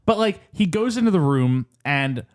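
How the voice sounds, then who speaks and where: A man's voice: a little high, lively intonation, normal speed. A man co-hosting a casual film-review podcast, rambling with restarts, lots of "like" and laughing asides. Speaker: podcast co-host.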